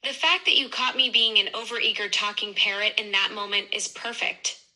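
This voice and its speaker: A woman's voice: mid-range voice, moderate pace, pushed and bright, poor audio. A synthetic woman's voice of a chatty voice assistant, upbeat and effusive in her replies.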